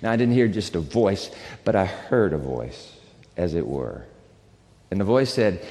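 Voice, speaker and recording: Storytelling pastor in a reverberant hall. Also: male voice, lowish voice, a little slow, pauses often. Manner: conversational, animated retelling with quoted dialogue. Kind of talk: sermon storytelling.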